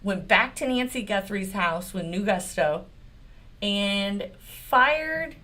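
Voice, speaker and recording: A woman's voice: medium pitch, fairly bright tone. A woman lawyer hosting her own channel, giving blunt, sarcastic political commentary full of swearing. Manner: mocking and exasperated. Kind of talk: profane political commentary rant.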